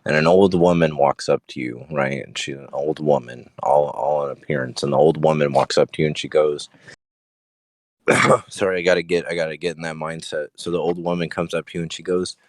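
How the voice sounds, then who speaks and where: A young man co-hosting a comedy podcast from his parked car, halting and full of ums as he pitches odd scenarios. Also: fairly even intonation, no room sound. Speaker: podcast co-host. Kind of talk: casual comedy chat.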